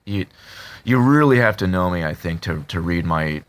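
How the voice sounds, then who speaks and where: A man talking casually to his subscribers, halting with many fillers and restarts, in a flat tone that can sound annoyed. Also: low voice. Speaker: video creator talking to subscribers. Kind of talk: casual confessional talk to camera.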